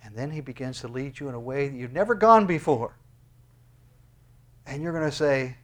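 A man preaching a sermon as pastor. He reads scripture and closes in prayer, and he swings between loud, high exclamations and hushed, low asides. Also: normal speed, long pauses.

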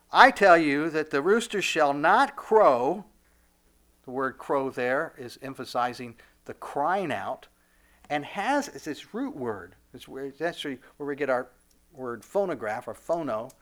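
A male pastor preaching a sermon, emphatic and repetitive, often stumbling over restarts. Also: medium pitch.

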